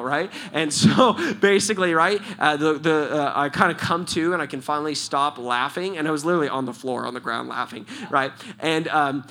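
A man with a bright, forward voice teaches in a loose, conversational way. He leads a church question-and-answer session and tells personal stories with lively energy. He breaks into laughter often. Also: fairly high pitch, normal speed, few pauses. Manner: animated, storytelling, laughs often. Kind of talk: casual spoken teaching.

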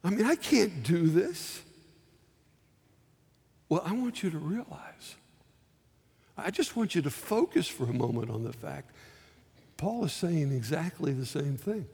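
Preacher in a reverberant hall. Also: male voice, on the high side, very animated, vocal fry, a little mellow, slightly rough. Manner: dramatic slow emphasis, acting out quoted pleas. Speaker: pastor. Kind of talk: sermon.

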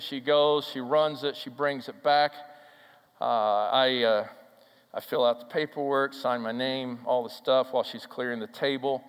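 A male pastor preaching a sermon and telling a story, swinging from loud declarations down to soft, hushed lines. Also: mid-range voice, smooth. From Minnesota, USA. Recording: hall reverb.

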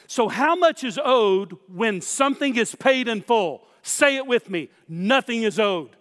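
A man's voice: very high voice, expressive, measured pace, a bit bright, long reverb tail. A man preaching a sermon as pastor, emphatic, with repeated phrases, speaking straight to his listeners.

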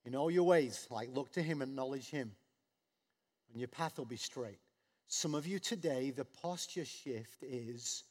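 A man preaching a sermon, animated, dropping low and soft then rising loud when acting out the people in the story. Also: a little slow. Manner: animated, swings from soft to loud acted quotes. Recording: long hall reverb.

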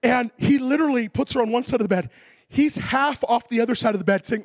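A man preaching a sermon as a lively story, acting out voices and making comic sound effects. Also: very high-pitched, a little fast, no echo, studio quality. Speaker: pastor.

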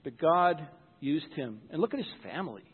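A man's voice: fairly high pitch, sing-song, normal speed, husky, in a large hall, phone-quality sound. A pastor giving a sermon in church, earnest and conversational, often repeating words as he starts a thought.

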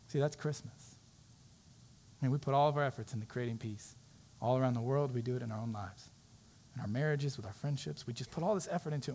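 A man's voice: mid-range voice, fairly quick, long pauses, mellow, husky. A man preaching a sermon as pastor, telling a story in an earnest, conversational way.

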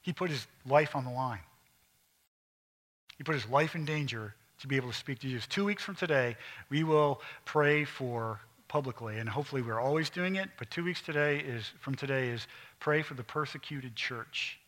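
A middle-aged male pastor preaching a sermon, emphatic at times and dropping to quiet, intense asides. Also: mid-range voice, normal speed.

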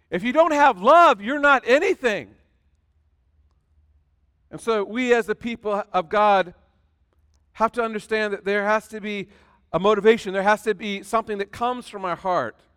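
A man preaching a sermon in a church, swinging between loud emphatic passages and quiet conversational asides. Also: high-pitched, smooth, long reverb tail. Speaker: pastor.

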